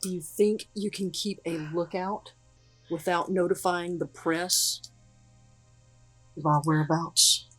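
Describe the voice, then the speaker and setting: An actress playing a cold, manipulative female psychopath who speaks slowly and calmly with quiet menace. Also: on the low side, faint music behind. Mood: sly. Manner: slow, calm and menacing. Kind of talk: film drama dialogue.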